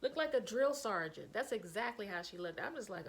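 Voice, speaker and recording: A woman in her fifties telling embarrassing stories in a casual vlog, animated and quick to laugh. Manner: animated, laughs often, jumps into high quoted voices. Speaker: vlogger. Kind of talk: casual storytelling.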